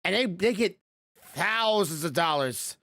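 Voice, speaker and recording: A woman co-hosting a podcast in casual chat, asking questions and pausing with fillers while she searches for words. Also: fairly low pitch, expressive, a bit bright, dry recording, studio quality. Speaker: podcast co-host.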